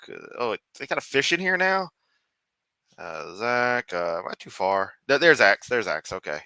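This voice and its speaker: A man from the United States hosting a reaction stream from his room at home. He is sarcastic, rambling and constantly profane. His lowish voice has a bright, forceful edge, and the sound is dry and close. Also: big pitch swings, normal speed, creaky, clear, resonant tone, no room sound. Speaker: streamer host. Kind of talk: casual reaction commentary.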